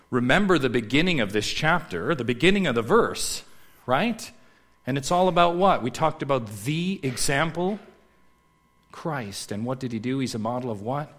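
A man preaching a sermon as pastor. He repeats key phrases and swings between loud, urgent lines and hushed ones. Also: medium pitch.

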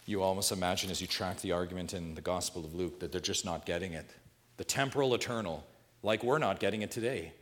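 A man preaching a sermon as pastor, swinging between quiet, low passages and loud, soaring ones.

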